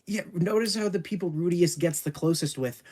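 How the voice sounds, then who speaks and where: A man's voice: sits high, fairly quick, a little mellow. A man co-hosting a casual podcast, ranting sarcastically and swearing in exasperation. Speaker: podcast co-host.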